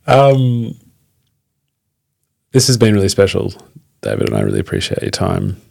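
A male podcast host with a deep, very gravelly voice asks his guest quick closing questions. He sounds friendly but hesitant, often pausing with fillers, and the recording is dry and close. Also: huge pitch swings, warm tone, dry recording.

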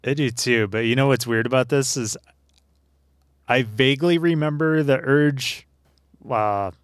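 A man's voice: medium pitch, a little slow, no echo, clean studio sound. A man co-hosting a casual beer podcast, joking and reading can labels aloud in playful put-on voices. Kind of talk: casual chat.

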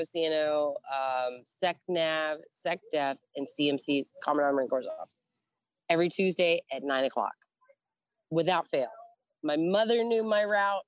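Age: middle-aged. Sex: woman. Role: Navy veteran guest. Delivery: low, dry-sounding voice, swearing freely and acting out what people said. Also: no echo. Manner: profane, animated, acts out quoted dialogue. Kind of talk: casual storytelling.

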